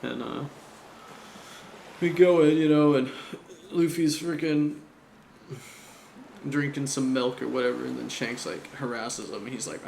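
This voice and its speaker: A man chats loosely about an anime, and his voice has a gravelly fry to it. He talks in a slangy, profane way and laughs often. The room sounds echoey, with a faint hum underneath. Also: mid-range voice, a little slow, long pauses, a little mellow. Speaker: anime reviewer. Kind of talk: casual chat.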